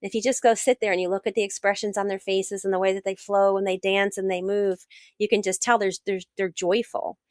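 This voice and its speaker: An American woman, middle-aged, a guest author and sailor telling her story in a casual interview, animated and acting out what others said. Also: mid-range voice, fairly quick, no echo. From United States. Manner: animated, acts out quoted dialogue.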